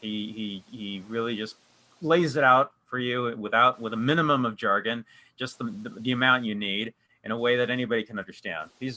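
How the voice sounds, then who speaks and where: A man's voice: lowish voice, bright, forceful tone. A man leading a casual online discussion group, rambling with frequent restarts and fillers.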